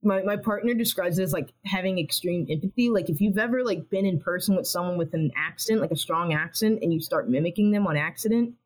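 Animation writer guest, rambling and chatty, mid pitch, acts out inner thoughts. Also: fast talker, hardly any pauses, low-quality recording. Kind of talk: casual podcast interview.

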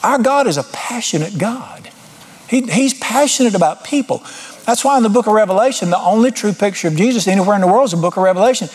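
A middle-aged man preaches in a loose, folksy way. His voice sits fairly high and sounds husky. He is blunt, jokes at his own expense, and his voice jumps up when he drives a point home. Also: expressive, fast. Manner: folksy, blunt and self-deprecating, with sudden emphatic rises. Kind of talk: informal sermon.

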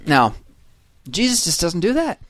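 A man's voice: high voice, sing-song, unhurried, fairly bright tone, no room sound, studio quality. A man hosting a podcast, walking through a Bible passage in a casual, conversational way, full of fillers and tag questions like "right?". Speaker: podcast host teaching scripture. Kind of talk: casual Bible study chat.

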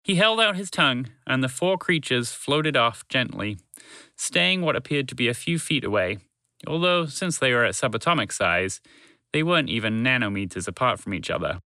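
A man narrating a children's story to listeners in a gentle, unhurried, expressive way. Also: mid-range voice, no echo.

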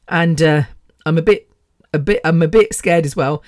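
A woman in her fifties talks on her own podcast in a low, dry voice. She rambles and chats freely, with a swear word here and there. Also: moderate pace, darkish tone, no echo. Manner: chatty and rambling, with swearing and laughs. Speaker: podcast host. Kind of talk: casual solo podcast chat.

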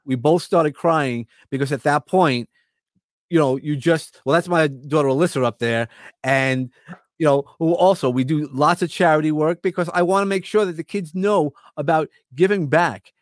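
An earnest middle-aged man with a New York accent speaks in a high register. His delivery is motivational and rambling, and the sound is dry and close with no room around it. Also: moderate pace, dry recording. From Long Island, New York. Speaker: guest. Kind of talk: casual chat.

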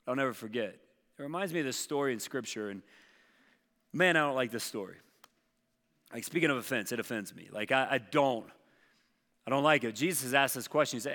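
Bright-voiced pastor preaching in a hall. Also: male voice, medium pitch, fairly quick, pauses often. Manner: conversational preaching, acts out imagined objections and story voices. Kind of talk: sermon.

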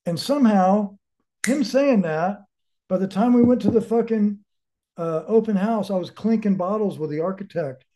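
His voice is high-pitched yet dark in tone, moving at a normal speed. As an interview guest he tells his story in a candid, offhand way, rambling bluntly with lots of swearing and soul-searching.

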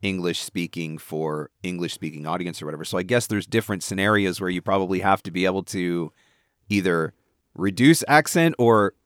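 A man's voice: sits low, a little fast, smooth, no echo, clean studio sound. A man hosting a casual interview, thinking aloud and checking in with his guest as he asks questions. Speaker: interview host.

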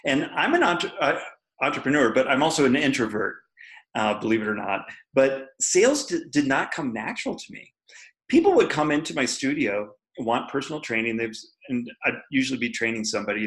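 A man's voice: mid-range voice, expressive, fairly quick, a bit bright, rough recording. A man, a podcast guest, candidly telling a personal story in an interview, laughing often and acting out what people said. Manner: candid, laughs often, acts out quoted voices.

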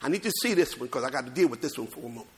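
A man preaching a sermon as pastor, swinging between loud bursts and low asides. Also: lively intonation, rapid-fire.

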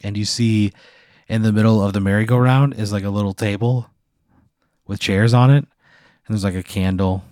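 Dude on a podcast rambling thru a made-up story, lotsa "like", kinda low voice, dry sound. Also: male voice, steady tone, normal speed, pauses often, darkish tone, dry recording. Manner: rambling, lots of "like", swears casually. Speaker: podcast host. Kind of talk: casual storytelling chat.

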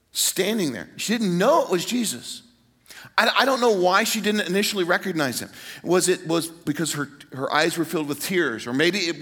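A pastor preaching an Easter sermon to a large congregation, retelling the story with animated voices. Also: male voice. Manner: animated storytelling, voices quotes with rising pitch. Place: large church hall. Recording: reverberant church hall.

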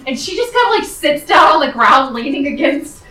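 High bright woman player at a tabletop game, cursing and fed up, echoey room and off mic. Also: very animated, normal speed, recorded from a distance, soft background music. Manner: exasperated, swears a lot. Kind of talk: playing a tabletop role-playing game.

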